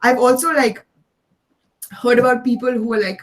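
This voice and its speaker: A young woman from India with a mix of Indian and American accents, chatting as an interview guest with quick laughs and restarts. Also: a little high, fairly even intonation. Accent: Indian English mixed with American. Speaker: guest, neuroscience PhD student. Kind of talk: casual interview chat.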